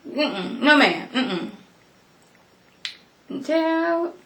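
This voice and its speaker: A woman casually reviewing a TV episode, animated and emphatic, talking back at the characters. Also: mid-range voice, moderate pace, creaky, echoey room. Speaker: TV show reviewer.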